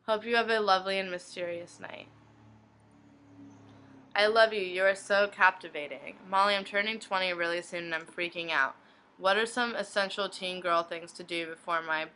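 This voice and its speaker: Young woman reading her inbox out deadpan, bright clear voice, lowish pitch. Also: rough recording. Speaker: video blogger reading fan questions. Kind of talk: reading inbox messages aloud.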